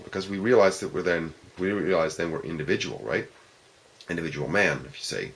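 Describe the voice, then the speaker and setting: Deep-voiced man musing aloud. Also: fairly bright tone. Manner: reflective, explaining step by step with questions. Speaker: presenter at a discussion group. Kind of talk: informal philosophical talk.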